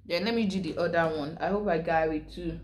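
A woman's voice: on the low side, a little fast. A woman from Nigeria chatting casually in a vlog, explaining slang while she does her makeup. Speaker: vlogger.

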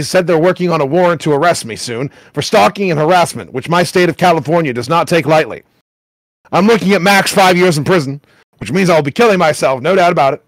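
Wryly reading internet forum posts and laughing at what he finds, a male comedy host speaks at a fairly high pitch. The recording is dry.

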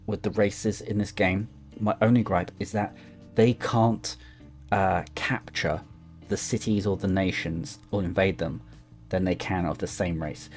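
A man's voice: sits low, darkish tone. A young man giving casual, rambling gameplay commentary, thinking aloud as he clicks through a game. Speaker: gaming YouTuber.

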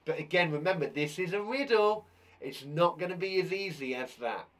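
A man's voice: fairly high pitch, animated, moderate pace, fairly bright tone. Playful man teaching kids live. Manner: playful, theatrical reactions, chatty to children. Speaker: primary school teacher. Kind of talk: live online lesson for kids.

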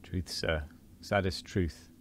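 A man reading as a sorrowful loyal first mate, low-voiced. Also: steady tone, slow, slight background noise. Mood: resigned. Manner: pleading, archaic speech.

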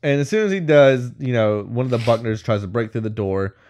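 Man, podcast co-host, casual movie recap, rambling, filler-heavy, mid pitch. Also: a little fast, darkish tone. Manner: rambling, full of "like" and "whatever", laughs mid-sentence.

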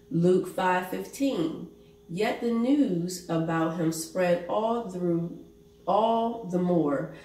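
A woman pastor preaching a sermon, reading Bible verses aloud in a deliberate way. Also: on the low side, dark tone, slight background noise. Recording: echoey room, voice from a distance.

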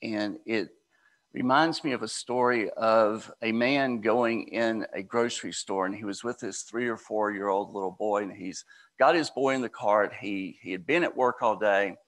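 A man's voice: on the low side, moderate pace, a bit bright. A man from the United States giving a conversational inspirational talk at a spiritual center, slipping into storytelling. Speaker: spiritual speaker.

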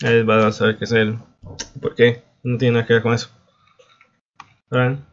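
A man's voice: mid-range voice, little pitch movement, a little fast, highs cut off. A man whose first language is Spanish, giving casual, mumbled commentary while playing a video game and reading its text aloud. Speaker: let's play gamer.

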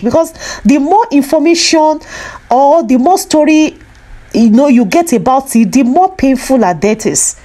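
A woman's voice: high voice, warm tone. A woman talking to her viewers in an emotional vlog, earnest and pleading, repeating herself often. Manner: emotional, sorrowful. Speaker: vlogger.

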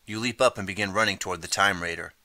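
A man reading a second-person interactive audiobook in steady, measured narration. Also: deep voice, dry recording.

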